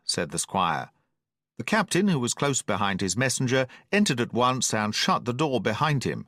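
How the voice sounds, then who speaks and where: Expressive male audiobook narrator. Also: fairly low pitch, moderate pace, dry recording, clean studio sound. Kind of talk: scripted narration of a classic novel.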